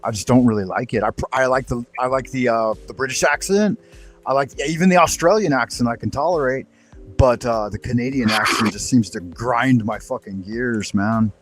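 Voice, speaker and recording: Loose-talking host, profane. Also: male voice, medium pitch, normal speed. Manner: loose, profane, hustling plugs. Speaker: show host. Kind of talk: casual panel chat.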